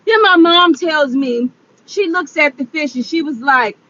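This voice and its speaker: A woman's voice: high-pitched, animated, unhurried, sharp tone. A tearful woman vlogging to her viewers, rambling and exclamatory, repeating herself as she talks it through. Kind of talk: emotional confessional vlog. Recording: dull lo-fi recording.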